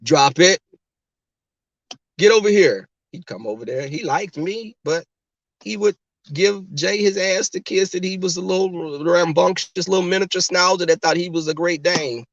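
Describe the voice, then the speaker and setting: A man's voice: high-pitched, moderate pace, dry recording, lo-fi sound. A man casually chatting and telling stories to his livestream viewers from a car. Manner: chatty, talks straight to the chat.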